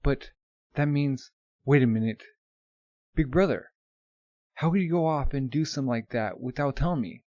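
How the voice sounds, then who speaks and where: Brief: gentle younger brother in armor, earnest, man's lightly raised voice. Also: mid-range voice, normal speed, no room sound, natural voice.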